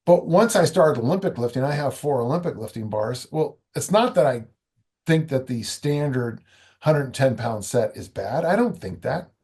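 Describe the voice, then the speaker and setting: Older male coach, conversational and rambling, mid-pitched. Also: lively intonation, normal speed, darkish tone. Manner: rambling, frequent restarts and asides. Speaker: strength coach and author. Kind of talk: casual interview talk.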